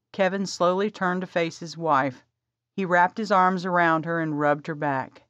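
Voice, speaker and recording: A woman narrating an audiobook in a calm, measured way. Her voice sits low and her pace is slow. The recording is dry and slightly dull. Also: no echo. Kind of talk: scripted narration.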